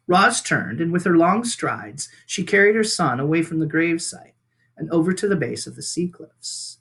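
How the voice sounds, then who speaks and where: A man reading a children's book aloud with expressive storytelling. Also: a little high, normal speed. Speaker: reader.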